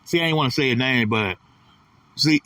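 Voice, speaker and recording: A man's voice: medium pitch, normal speed, bright, forceful tone, no echo, far from the mic. A man delivering a blunt, profane, repetitive casual ranting monologue as host of his own channel.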